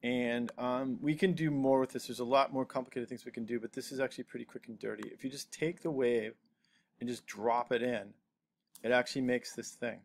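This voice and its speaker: A man teaching a casual screencast software tutorial, rambling a little and checking in with "okay?". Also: medium pitch, fairly even intonation, fairly quick, vocal fry, a little hiss or hum.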